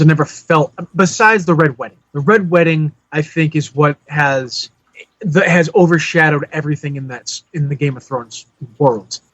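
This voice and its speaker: A man's voice: a little high, no room sound, highs cut off. A man co-hosting a podcast in casual chat, rambling with lots of fillers and restarts. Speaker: podcast co-host.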